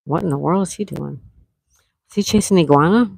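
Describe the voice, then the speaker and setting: Creaky and a bit breathy, this Florida woman's lowish voice runs a little fast on a low-quality recording. She's middle-aged and hosts a casual livestream, reading viewer comments aloud and greeting each by name.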